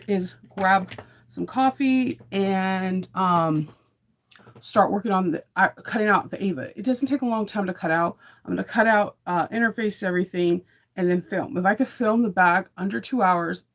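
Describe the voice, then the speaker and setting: A woman's voice: mid-range voice, normal speed. A woman chatting casually in a morning sewing vlog, upbeat and rambling with fillers. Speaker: sewing vlogger.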